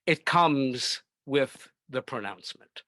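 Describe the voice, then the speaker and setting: Wry older man telling a story, unhurried. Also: mid-range voice, animated, sharp tone, dry recording. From Brooklyn, New York. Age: 70s. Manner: wry, with comic asides and dry punchlines. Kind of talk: performed personal storytelling.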